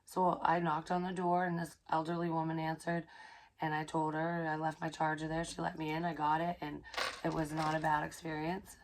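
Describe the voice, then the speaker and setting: A woman psychic medium casually telling a personal story, excitable and profane, dropping into hushed asides. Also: sits low, moderate pace, background noise.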